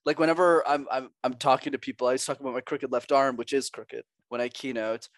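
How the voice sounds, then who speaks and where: A man's voice: mid-range voice, fairly even intonation, quick pace, no echo. A young man from Montreal, a public speaking coach, chatting upbeat in a podcast interview and laughing often. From Montreal, Canada. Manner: upbeat, laughs often, acts out quoted voices.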